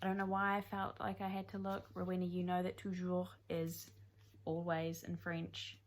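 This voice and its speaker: A woman's voice: lowish voice, monotone, moderate pace, slight background noise. A woman in her twenties chatting casually in a reading vlog, rambling and self-deprecating as she talks through a book. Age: 20s. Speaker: book vlogger.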